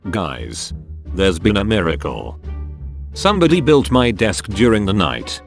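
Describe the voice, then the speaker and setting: Man reading a chat story, lively. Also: lowish voice, normal speed, soft background music. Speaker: fan fiction narrator. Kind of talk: reading a text-message story aloud.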